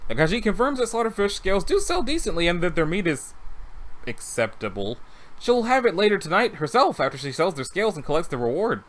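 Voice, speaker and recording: A man's voice: sits high, very animated, fairly quick, fairly bright tone. A man narrating a text game and reading viewer comments aloud, with wry offhand asides. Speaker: let's read narrator.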